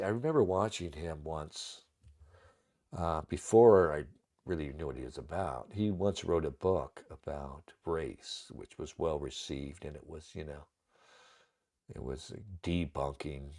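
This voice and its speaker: A man's voice: very deep voice, a little mellow. A man hosting a livestream, talking in a rambling, casual way, with many fillers and much cursing. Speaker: livestream host.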